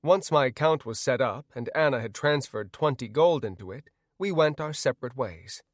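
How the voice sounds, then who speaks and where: A man narrating an audiobook in the first person, with expressive storytelling. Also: medium pitch, moderate pace, dry recording, studio quality.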